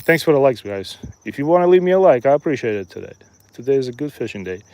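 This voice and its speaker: Upbeat guy in his 30s, fishing live stream outside by a lake, chatty and jokey, average pitch. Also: sing-song, fast, darkish tone, no room sound. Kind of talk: casual live-stream chat. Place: outdoors by a lake.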